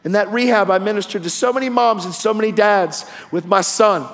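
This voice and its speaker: A high-voiced man preaches with raw fervor, his casual street slang spilling into a testimony. His voice rings out through a large hall with a long, trailing reverb. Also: brisk, fairly bright tone. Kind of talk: sermon testimony.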